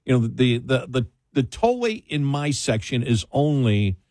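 A man's voice: medium pitch, very animated, unhurried, mellow, no echo, clean studio sound. A man, co-hosting a casual chat, rambling with many restarts and laughing often.

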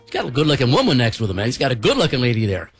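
A man's voice: mid-range voice, very animated, rapid-fire, slightly rough, soft background music. A man hosting a radio show, chatty and joking as he tells stories in the studio. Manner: chatty, jokey, storytelling. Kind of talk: casual radio talk.

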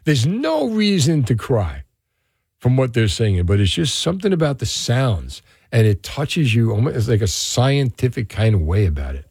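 A man's voice: medium pitch, very animated, moderate pace, hardly any pauses, a little mellow, slightly rough, no room sound. A man hosting a call-in radio show from a studio, chatting casually with callers and drifting into reflective musings. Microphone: studio microphone.

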